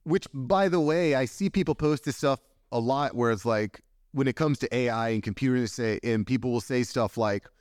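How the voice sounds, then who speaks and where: A man in his forties hosting a podcast, talking in an animated, wry, opinionated way. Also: medium pitch, moderate pace, clear, resonant tone, no room sound, clean studio sound. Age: 40s. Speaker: podcast host. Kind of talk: casual conversational interview.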